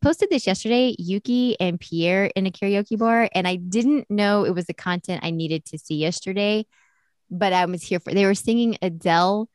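A woman's voice: medium pitch, normal speed, no echo. A woman co-hosting a casual chat, enthusiastic and giggly, acting out quotes. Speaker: podcast co-host.

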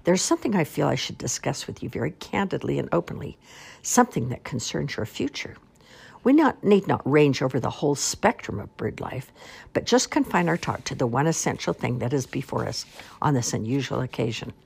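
A woman's voice: extremely low pitch, big pitch swings, a little fast, gravelly, a little mellow, slightly rough, exaggerated voice. A woman voicing a pompous, long-winded male swan father who makes grand, flowery speeches in a storybook reading.

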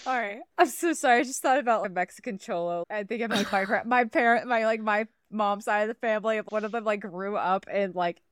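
A woman co-hosting a podcast, giggling, swearing and rambling in casual chat while high. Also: brisk, hardly any pauses, smooth, dry recording, studio quality. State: high on cannabis. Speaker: podcast co-host.

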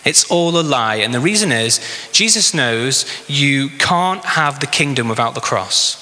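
A man's voice: mid-range voice, animated, a little slow, pushed and bright. A man preaching a sermon in a conversational way, with many rhetorical questions. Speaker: pastor. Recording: long reverb in a hall.

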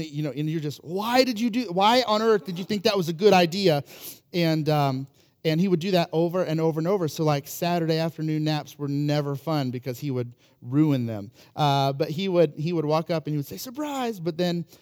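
A man's voice: fairly high pitch, a little mellow. A man preaching a casual sermon, telling humorous family stories in a conversational way, full of fillers and restarts. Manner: humorous, self-deprecating anecdotes. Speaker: pastor.

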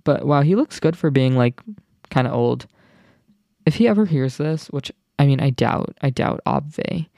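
A young man hosting his own podcast, chatting casually in an excitable, rambling way full of asides. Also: mid-range voice, normal speed, creaky, no echo. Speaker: podcast host. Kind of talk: casual solo podcast chat.

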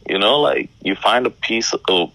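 A man speaking as a guest in casual conversation, calm and reflective, with some slang. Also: fairly low pitch, unhurried, vocal fry, no room sound, poor audio.

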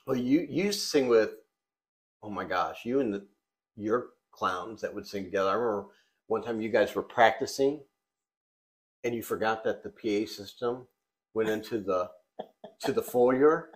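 A man co-hosting a family podcast, telling funny stories in a lively, casual way and often cracking up as he talks. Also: fairly low pitch, normal speed, pauses often. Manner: animated storyteller who breaks into laughter. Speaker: podcast co-host.

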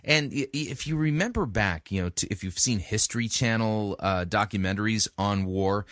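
A man's voice: lowish voice, moderate pace, fairly bright tone, no room sound, clean studio sound. A man hosting a casual commentary, rambling with many restarts and fillers and making self-mocking jokes. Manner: joking, self-mocking asides.

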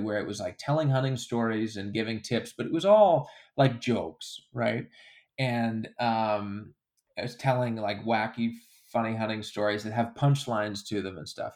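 A man as an interview guest, talking in a casual, rambling way with frequent restarts. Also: fairly low pitch. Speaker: interview guest, creator of a comedy hunting character.

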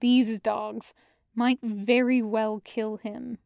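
A woman reading a fan fiction story aloud as a podfic, in a measured storytelling way. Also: a little high, flat delivery, creaky, a little mellow, no room sound. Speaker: podfic reader. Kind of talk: audiobook narration of fan fiction.

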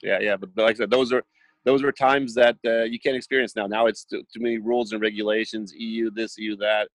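In a casual chat, a man with a lowish voice tells anecdotes fast, animatedly acting out the dialogue. The recording is dry.

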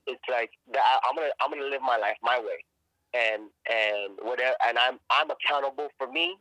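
A man's voice: mid-range voice, big pitch swings, fairly quick, bright, forceful tone, dry recording, rough recording. A man, an actor guest on a podcast, telling a personal story in a casual, emphatic way, swearing freely and often repeating and restarting words.

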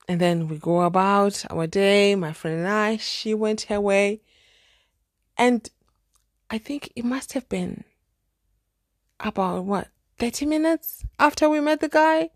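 A young Zimbabwean woman spins a dating story as a podcast host, chatty and exclamatory with a ready laugh. Her voice sits at a middle pitch, and the recording is dry and close, with no room around it. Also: lively intonation, unhurried, long pauses, no room sound. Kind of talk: casual storytelling monologue.

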